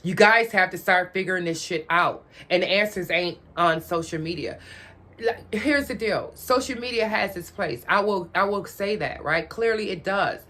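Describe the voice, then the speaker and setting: A woman's voice: fairly low pitch, normal speed, bright, forceful tone. A woman giving a blunt, profane, lecturing rant straight to her audience, repeating her questions for emphasis. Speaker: vlogger. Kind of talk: direct-to-camera rant.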